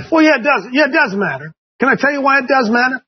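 This Ohio man talks fast, his unusually high, husky voice swinging widely in pitch, as he leads a Bible class through a folksy, conversational sermon. He keeps pressing listeners with question after question. The recording sounds muffled and lo-fi.

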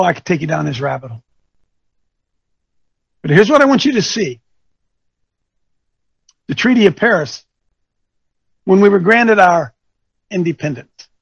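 High husky man lecturing with questions. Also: moderate pace, long pauses, dry recording, muffled recording. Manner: animated and teasing, quizzes listeners, thinks aloud. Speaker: coach speaking to an audience. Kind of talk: lecturing talk with rhetorical questions.

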